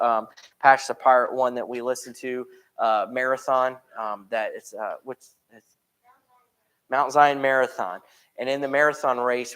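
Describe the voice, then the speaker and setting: A man's voice: mid-range voice, fairly bright tone. A man with an American accent teaching a church Bible study in a conversational way. He often checks in with the room and briefly acts out voices he quotes. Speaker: preacher.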